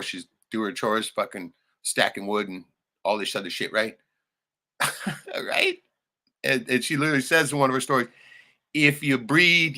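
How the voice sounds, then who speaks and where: Low-voiced man with a bright edge, profane livestream rant, scoffing laughs. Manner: profane, heated, laughing asides. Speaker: livestream host. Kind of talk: ranting livestream monologue.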